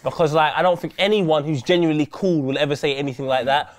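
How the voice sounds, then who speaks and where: A young man, co-hosting a casual football chat show with animated, jokey banter. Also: a little high, quick pace, background noise. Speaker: co-host. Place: indoor studio seated on chairs.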